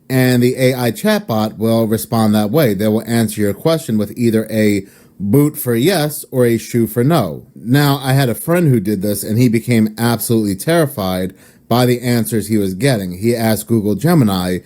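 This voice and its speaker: Man, mellow voice, casual storytelling, cautionary. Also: medium pitch, moderate pace. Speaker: narrator.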